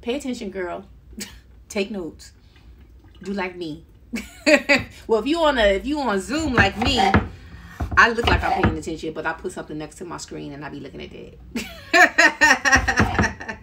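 A middle-aged woman hosts a casual cooking livestream from her home kitchen, chatting with viewers and laughing often as she chops vegetables. Her medium-pitched, gravelly voice is very animated but a little slow, with long pauses. Loud chopping, kitchen clatter, and other background noise fill the clip.

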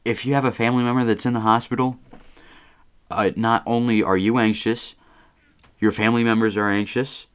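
A man's voice: mid-range voice, level tone, a little fast, pauses often, clear, resonant tone. A teenage boy talking casually to his viewers in a rambling, self-deprecating vlog monologue. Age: teens. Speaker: vlogger.

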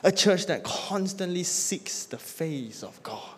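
A man's voice: sits high, expressive, takes it slowly, husky. A man preaching a sermon in a slightly raised voice, his words trailing into the long reverb of a church hall. He builds lists with rising force, then drops to a near-whisper at the close of each point. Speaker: pastor.

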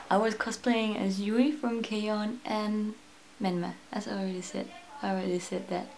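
A woman's voice: mid-range voice, slight background noise. A teenage woman with as her rambles through a casual home vlog in her bedroom. She giggles and corrects herself as she goes. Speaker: vlogger. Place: her own bedroom, indoors.

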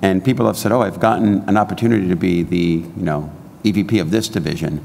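A man with a lowish, gravelly voice tells a conversational story on a conference panel. His voice echoes through a large hall over a faint background hiss. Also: fast, darkish tone. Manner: anecdotal, conversational. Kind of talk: panel discussion. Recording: reverberant hall with faint noise.

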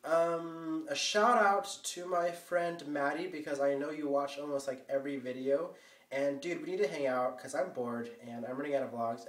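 A teenage boy vlogging a casual rant, rambling and filling every pause with "like" and "um". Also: fairly high pitch, fairly bright tone. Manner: rambling, full of "like" and "um". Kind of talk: casual ranting vlog. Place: bathroom floor. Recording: echoey bathroom, mic at a distance.

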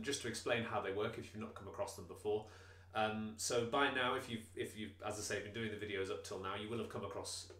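Man, banjo teacher, low voice, patient explaining, counting beats, echoey room. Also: a little hiss or hum. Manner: relaxed, explains patiently, counts beats aloud, many fillers. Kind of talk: instrument tutorial. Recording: roomy echo, banjo playing behind.

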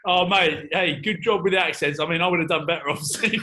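A man co-hosting a podcast in casual banter, lively, laughing and swearing. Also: a little high, quick pace, a little hiss or hum. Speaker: podcast co-host.

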